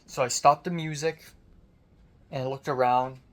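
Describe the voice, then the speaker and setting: A young man, a college student, in a casual video diary, his voice deep and strained after screaming, frustrated and self-critical, swearing often. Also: fairly even intonation, moderate pace, fairly bright tone. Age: young adult.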